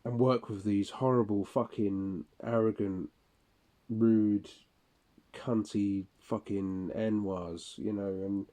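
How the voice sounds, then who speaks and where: Slow, low-voiced weary man. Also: steady tone, dark tone. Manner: profane, rambling and weary. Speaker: audio log host. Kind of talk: casual spoken monologue.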